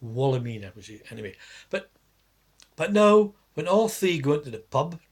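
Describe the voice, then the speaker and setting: A man's voice: medium pitch, sing-song, fast talker, husky. A man telling a long spoken joke story, rambling, stopping to correct himself and laughing at his own jokes.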